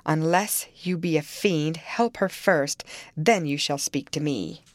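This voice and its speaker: A woman's voice: low voice, slow, dry recording. Audiobook: an anguished, cursing man, urgent and fierce, as a woman puts him on. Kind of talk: audiobook character reading.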